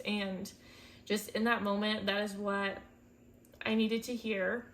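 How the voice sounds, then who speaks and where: A young woman vlogs in her twenties, speaking candidly and emotionally, sometimes near tears. Her pitch sits in the middle for a woman, and her talk is full of casual fillers. A faint hum of noise sits under the voice. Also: little pitch movement, moderate pace, fairly bright tone. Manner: chatty, many fillers like "like" and "um". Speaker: vlogger, first-time mom.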